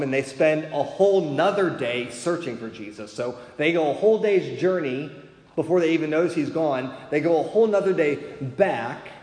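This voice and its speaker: A man's voice: fairly high pitch, darkish tone. A man in his thirties preaching a conversational sermon as a pastor, with frequent "right?" asides. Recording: echoey hall.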